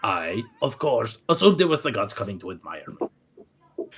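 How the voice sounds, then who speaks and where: A man's voice: lowish voice, big pitch swings, moderate pace, fairly bright tone, a little hiss or hum, voice pushed down. A man voicing a vain, pompous male minotaur who tells a grandiose tale in a theatrical manner. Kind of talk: comic tabletop role-play.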